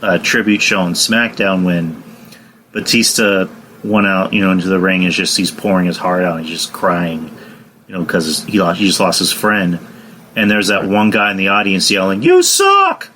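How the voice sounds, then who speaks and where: Rambling podcast host, low voice. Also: male voice, level tone, normal speed, pushed and bright, a little hiss or hum. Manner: rambling, laughs often, many fillers. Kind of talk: casual wrestling chat.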